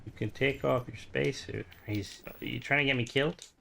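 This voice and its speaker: A young man with an Irish accent talks his way through a space game on stream. His pitch sits in the middle range, and his talk rambles along in loose, filler-heavy commentary. A faint hiss of noise sits under the voice. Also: steady tone, a little fast, vocal fry, fairly bright tone. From Ireland. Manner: rambling, chatty, full of filler words. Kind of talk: casual gameplay commentary.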